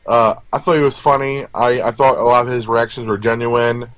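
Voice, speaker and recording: A man's voice: medium pitch, level tone, brisk, a bit bright, no room sound. Rambling man in a dull, dry recording. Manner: rambling, with many fillers and restarts. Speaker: co-host reviewing a movie. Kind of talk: casual chat. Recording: dull, lo-fi sound.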